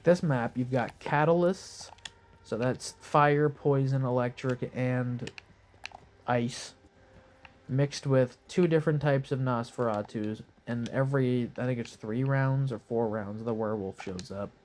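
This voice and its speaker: A gaming commentator, young and stuffy-nosed, gives easygoing live commentary while lying in bed, his voice hoarse, and swears casually as he rambles. His pitch is medium and his tone darkish, and there's a touch of hiss or hum.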